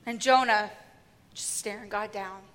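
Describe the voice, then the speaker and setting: A woman preacher delivering a sermon with lively, humorous storytelling. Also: medium pitch, a little slow, big-room sound.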